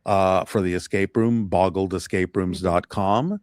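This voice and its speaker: A man speaking as a guest in a podcast interview, plain and steady. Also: sits low, normal speed, no echo, clean studio sound.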